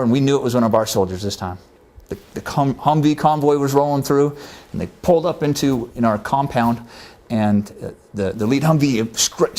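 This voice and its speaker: Fast-talking man telling a war story. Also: mid-range voice, a little mellow. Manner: earnest, conversational, acts out quoted voices. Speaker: military medic recounting a war story. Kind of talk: first-person war story told to camera.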